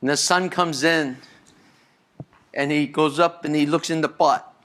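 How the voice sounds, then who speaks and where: A man's voice: a little high, fairly even intonation, a little slow, fairly bright tone. A man giving a live conference talk as a senior engineer, enthusiastic and conversational, often repeating and restarting words. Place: conference hall with audience.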